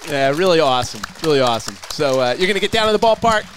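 High-voiced male show host. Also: very animated, very fast, a crowd in the background, background noise. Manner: chatty storyteller with fillers. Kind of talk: casual live show chat.

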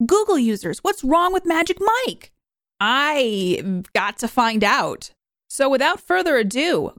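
A young woman talks through a movie review on her podcast, her voice sitting a little high. She rambles and questions herself as she goes, in a casual, chatty way. The sound is dry and close. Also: no echo. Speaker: podcast host.

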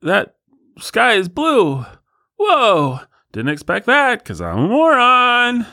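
A man's voice: extremely high pitch, wildly swooping pitch, pushed and bright, dry recording, studio quality, voice pushed up, full character voice. A man voicing a dim-witted grown man who is dazzled by the obvious. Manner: gawking, slow, over-amazed.

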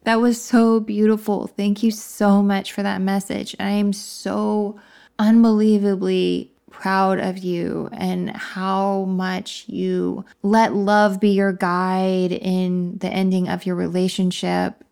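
A woman podcast host, speaking in a gentle, affirming, soft-spoken way on a spiritual advice show. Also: mid-range voice, little pitch movement, slow pace, gravelly, clean tone.

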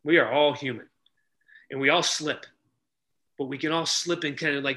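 Energetic storytelling man, bright high voice. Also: moderate pace, long pauses. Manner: energetic, acts out quoted people. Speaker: podcast guest. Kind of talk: animated storytelling.

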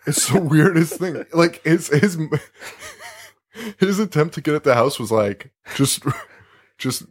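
A man's voice: a little high, expressive, takes it slowly, husky. A young man co-hosting a casual horror film podcast, laughing often and trailing off mid-sentence. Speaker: podcast co-host. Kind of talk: casual chat about horror films.

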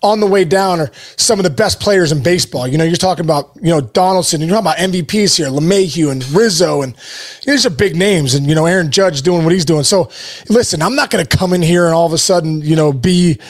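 A man's voice: a little high, fast talker. A man in his forties, a baseball coach, talking with enthusiasm in a casual interview, rambling with lots of "you know" fillers and restarts. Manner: enthusiastic, emotional.

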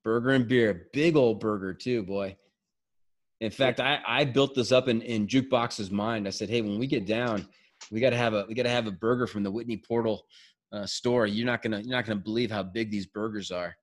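A man hosting a podcast, telling a hiking story in casual chat, quick and animated with frequent restarts. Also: on the low side. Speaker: podcast host.

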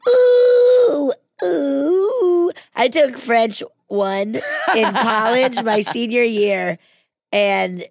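Podcast guest, woman, gravelly voice, relaxed storyteller, dry mic. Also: fairly high pitch, takes it slowly, hardly any pauses, no room sound. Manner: laid-back storytelling, swears casually. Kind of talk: casual chat.

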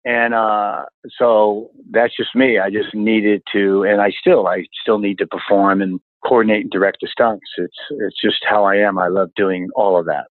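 An older man in his sixties spins animated stories about his stunt career, exclaiming as he goes. His voice sits a bit low and comes through a dry, tinny, phone-like line. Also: moderate pace, hardly any pauses, no echo. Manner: animated anecdotes, exclaims often. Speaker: stunt coordinator guest. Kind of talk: storytelling interview chat.

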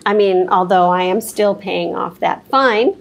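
A woman improvising an earnest, deadpan guest author in a comedy interview. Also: mid-range voice, unhurried, creaky, rough recording.

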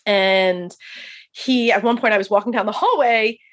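A woman, a hospice chaplain, talking as a podcast guest in an animated storytelling way and laughing often. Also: medium pitch, moderate pace. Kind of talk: casual podcast interview.

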